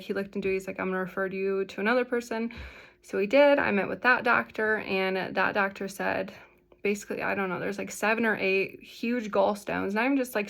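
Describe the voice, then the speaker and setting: A woman's voice: medium pitch, creaky, fairly bright tone. A young woman talking casually to the camera in a vlog, rambling and filling her speech with "like". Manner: chatty, rambling, full of "like" fillers. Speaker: vlogger sharing her health story.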